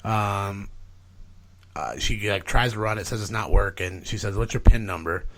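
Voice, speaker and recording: Man, lowish voice, podcast guest, casual storytelling, swears a lot, rambling. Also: normal speed. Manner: profane, rambling, animated retelling with filler words.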